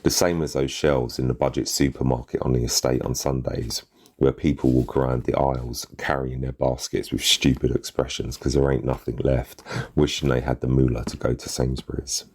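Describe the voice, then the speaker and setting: A man's voice: a bass voice, flat delivery, moderate pace, darkish tone, husky. A man reading a gritty first-person short story aloud in street slang, with a bitter edge. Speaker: narrator.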